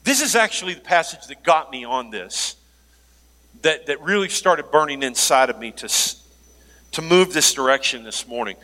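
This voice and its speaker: A man preaching a sermon as pastor, animated, joking aside and laughing now and then. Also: fairly high pitch, moderate pace. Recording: long hall reverb.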